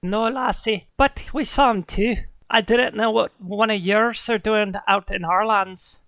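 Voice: mid-range voice, steady tone, a little slow, a bit bright, no echo, clean studio sound. A game master voicing a blunt, impatient woman huntress with a put-on Scottish brogue that drifts into Irish. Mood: gruff. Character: brusque woman huntress, leader of a hunting band.

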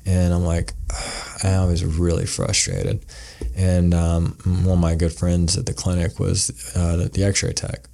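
A man's voice: low voice, unhurried, creaky, few pauses, dark tone. A man, a podcast guest, telling a story in a casual, rambling way and acting out the quoted lines. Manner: rambling, acts out quoted dialogue.

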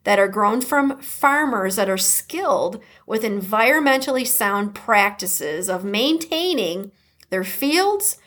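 A woman's voice: medium pitch, animated, takes it slowly, fairly bright tone. A woman with a Midwestern accent hosting a podcast, chatty and upbeat, reading her intro and sponsor message with playful asides. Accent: American Midwestern. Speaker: podcast host.

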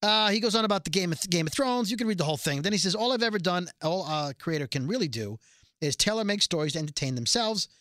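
A bright, chatty man co-hosting a podcast, talking fast and a little scattered, now and then reading a passage aloud. His voice sits on the higher side and sounds crisp and forward. The recording is close and dry. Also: expressive, no echo. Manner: quick, chatty, reads aloud from a letter. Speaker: podcast co-host. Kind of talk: casual chat.

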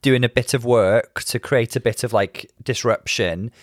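A man co-hosting a podcast in a casual chat, with dry, wry humour and measured commentary. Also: mid-range voice, dry recording. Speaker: podcast co-host. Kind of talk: casual chat reviewing a show.

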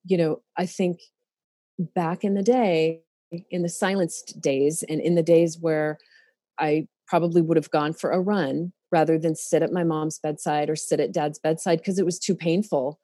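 A woman's voice: deep voice, fairly even intonation, moderate pace, warm tone, no room sound, clean studio sound. A middle-aged woman therapist in a casual podcast talk, speaking openly and emotionally, with many fillers and restarts.

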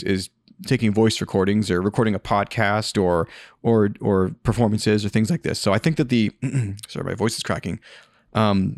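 A man's voice: on the low side, a little mellow, no echo. A man hosting a podcast, giving casual, rambling advice with many fillers and restarts into a studio microphone. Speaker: podcast host answering a listener question.

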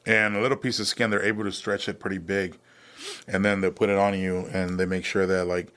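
Low-voiced man telling his story casually. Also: fairly quick. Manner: relaxed, matter-of-fact, many fillers. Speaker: podcast guest, wounded veteran.

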